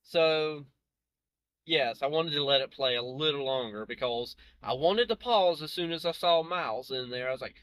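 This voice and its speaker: Man, reaction host, casual chat, rambling, chuckling, fairly high voice, dry room. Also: moderate pace, a bit bright, dry recording. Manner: rambling, self-correcting, chuckling.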